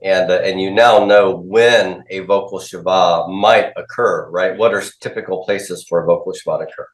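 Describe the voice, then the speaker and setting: A man's voice: low voice, steady tone, normal speed. A man teaching a class, asking questions, drilling students and repeating their answers back. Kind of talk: classroom lecture with call-and-response drills. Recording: echoey classroom.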